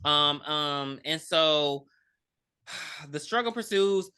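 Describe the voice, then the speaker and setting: A woman co-hosting a podcast, casually recapping a movie, acting out characters' lines in high squeals and swearing freely. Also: animated, drawn-out words, bright, forceful tone, clean tone. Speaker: podcast co-host. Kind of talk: casual movie review chat.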